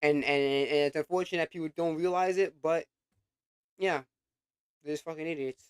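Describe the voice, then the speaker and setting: A young man's fairly high voice, dry and close to the mic, as he reacts to a clip. He swears freely, repeats himself, and sounds exasperated. The delivery is casual and blunt. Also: steady tone, moderate pace, clean tone, no room sound. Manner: blunt, profane, exasperated, repetitive. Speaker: reaction video host.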